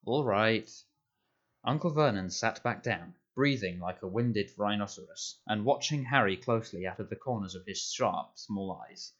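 A man reading an audiobook aloud in a measured storytelling manner. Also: lowish voice, animated. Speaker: audiobook narrator. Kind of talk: scripted narration. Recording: dull lo-fi audio.

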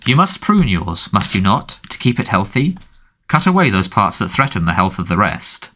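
A man voicing a cold, menacing male dark lord who speaks quietly and with contempt. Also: fairly low pitch, big pitch swings, moderate pace, slight background noise.

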